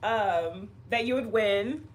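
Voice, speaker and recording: A woman's voice: mid-range voice, slow pace. A woman from Florida co-hosting a live stream in casual chat, giggly and agreeable, chiming in with short replies.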